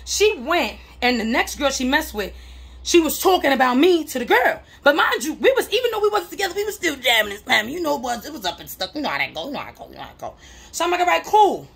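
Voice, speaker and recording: A woman talking straight to camera in a casual advice vlog, her voice sitting high with a gravelly, fried edge. She is animated and full of slang, hammering points home by repeating them. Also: quick pace. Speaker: relationship advice vlogger.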